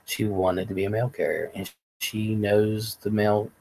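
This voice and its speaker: A man's voice: fairly low pitch, flat delivery, a little slow, gravelly, darkish tone, slight background noise, low-quality recording. A man hosting a casual livestream, telling rambling, profane stories and chatting with viewers. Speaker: livestream host.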